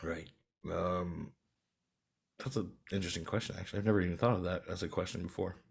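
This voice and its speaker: A man chatting as a guest on a podcast in a relaxed way, laughing often and swearing casually. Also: low voice, a little fast, gravelly, husky. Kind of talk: casual chat.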